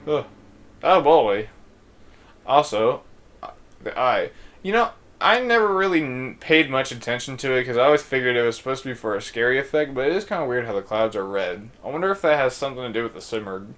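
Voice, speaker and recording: A man's voice: mid-range voice, animated, fairly quick, a bit bright. A young man casually commenting on a video game he is playing, rambling and reading game text aloud. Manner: loose, with frequent restarts and fillers. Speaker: let's play gamer.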